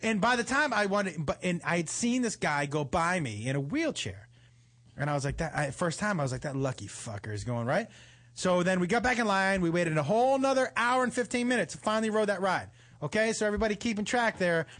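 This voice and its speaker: On a podcast, a man with a high-pitched voice tells a long, profane anecdote in casual conversation at a fairly quick pace. He's animated and acts out the quoted lines himself.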